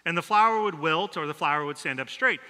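A man preaches in a relaxed, storytelling way, slipping in self-deprecating jokes. His voice sits high and rings very bright. The sound carries the long reverb of a church sanctuary. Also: fast talker. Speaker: pastor. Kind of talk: conversational sermon with stories.

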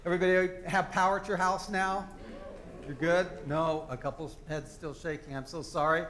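A man's voice: fairly high pitch, a bit bright, slight background noise. A man preaching a sermon to his congregation in a conversational, folksy storytelling manner. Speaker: pastor. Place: church service.

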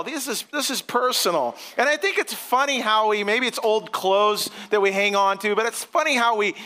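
A middle-aged male pastor delivers a sermon in a relaxed, conversational manner. His voice sits high and has a bright, forward ring. He weaves personal stories and quick asides into the teaching.

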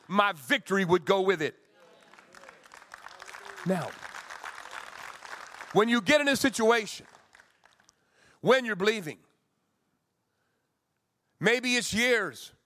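A man in his sixties, a pastor preaching a sermon with emphatic swings between loud and soft. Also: extremely high pitch.

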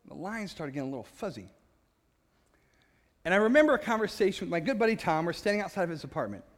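Passionate, loud man with a high voice, sharing a personal testimony with a laugh at himself. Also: quick pace. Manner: animated storyteller, laughs at himself, stumbling repeats; passionate and loud by his own account. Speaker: speaker sharing his faith testimony.

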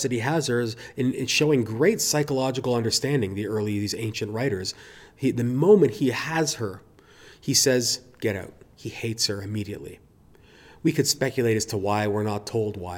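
A man delivers a sermon in an earnest, reflective way. His voice sits at an ordinary middle pitch. He keeps asking rhetorical questions as he works through the text. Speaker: preacher.

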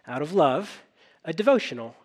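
A middle-aged male pastor preaching a sermon, telling stories with animated acted-out dialogue. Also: a little high, moderate pace. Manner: animated storytelling, acting out dialogue.

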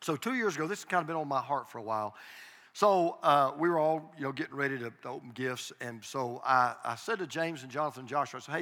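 A man's voice: medium pitch, quick pace, pushed and bright. An older man, a pastor, preaching a sermon in a church with earnest, confessional storytelling and emphatic repetition. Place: church sanctuary. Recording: long hall reverb.

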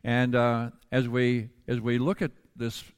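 A man's voice: mid-range voice, completely flat delivery, unhurried, clear, resonant tone, in a large hall. A male pastor preaching a sermon to his congregation, calling out for responses and building to fervent emphasis. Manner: builds from quiet teaching to loud, fervent preaching. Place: church sanctuary.

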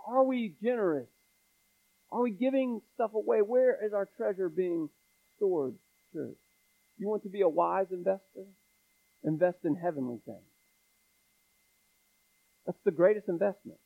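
A man's voice: high voice, a little slow, gravelly, long pauses. A man preaching a sermon, pressing the congregation with pleading rhetorical questions. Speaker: pastor. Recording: tinny phone-like sound.

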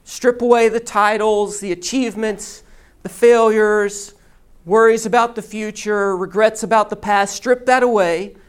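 A pastor preaching a sermon, telling a story and teaching in a deliberate storytelling manner. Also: mid-range voice, steady tone, smooth.

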